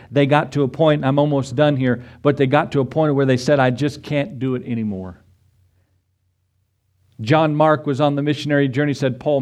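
A middle-aged pastor giving a sermon, climbing to a high, urgent pitch as he presses his points and briefly acts out the voices of biblical figures. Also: darkish tone.

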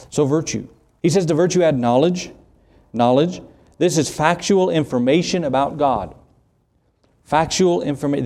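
A man's voice: on the high side, a little mellow. Man, Southern accent, middle-aged pastor, earnest sermon, conversational asides.

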